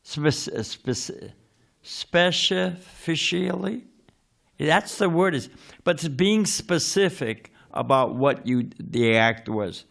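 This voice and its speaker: A man with a slightly high, fairly bright voice leads a temple scripture class, speaking slowly with lively intonation and some vocal fry. He keeps it conversational, quizzing his audience and occasionally groping for the right word.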